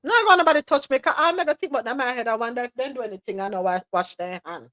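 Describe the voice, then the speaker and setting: A woman with a Caribbean accent hosting a live talk show, chatting in a lively way, laughing often and slipping into patois. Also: a little high, rapid-fire, dry recording. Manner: animated, laughing, slips into patois. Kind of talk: casual chat.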